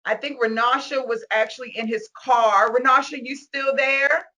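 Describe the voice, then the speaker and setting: A high-voiced woman hosts a casual video call, her tone bright and ringing. She gushes with excitement, laughs often and sounds close to tears. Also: normal speed. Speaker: host of a virtual meet-and-greet.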